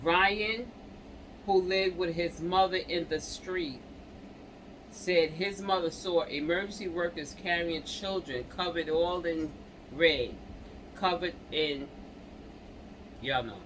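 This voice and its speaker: A man hosting a channel, reading a news story aloud haltingly with stumbles and restarts, breaking off for casual comments to viewers while coughing and clearing his throat. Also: a little high, fairly bright tone, a little hiss or hum, low-quality recording.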